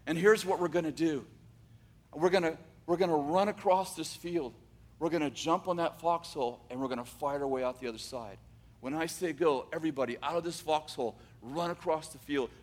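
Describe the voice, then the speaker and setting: A man doing a grim army sergeant, hushed orders. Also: a little high, brisk, close to an everyday voice. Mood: urgent.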